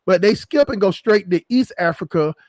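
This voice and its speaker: A man with a high voice hosts a loose, crude chat on a stream, laughing often as he jokes. His voice is recorded dry and close, with no room sound. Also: animated, normal speed, a little mellow, no echo. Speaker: stream host. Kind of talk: casual chat.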